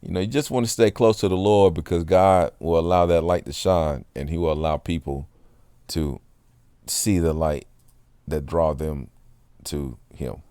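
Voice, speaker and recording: Earnest low-voiced man giving testimony. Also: fairly even intonation, unhurried, warm tone, clear, resonant tone, no room sound. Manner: earnest, rambling, keeps asking "you know what I'm saying". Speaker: Christian testimony speaker; water delivery driver. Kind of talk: casual spoken testimony.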